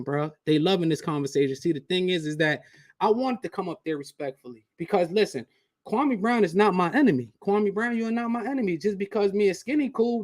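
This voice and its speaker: Casual streamer, a man with a higher voice, loose and slangy, dry close sound. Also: darkish tone, no room sound. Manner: slangy, talks straight to chat. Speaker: channel host. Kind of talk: casual live reaction stream.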